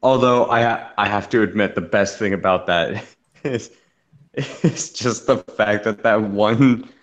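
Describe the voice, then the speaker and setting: A man's voice: lowish voice, a little slow, lo-fi sound. A man co-hosting a casual chat show, emphatic and profane, repeating his points for effect. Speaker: podcast co-host.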